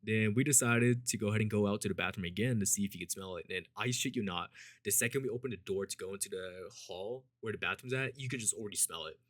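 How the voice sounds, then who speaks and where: In a clean studio recording with no room sound, a man spins a rambling, casual story at a quick clip. He swears a lot, leans on "like" and "you know" to fill gaps, and voices the people he quotes by varying his pitch and loudness.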